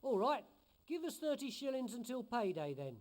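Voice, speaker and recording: An actor voicing a sly, cheeky street beggar in a video game, with a whining, pleading cadge. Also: male voice, very high-pitched, big pitch swings, moderate pace, a little mellow. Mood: cadging.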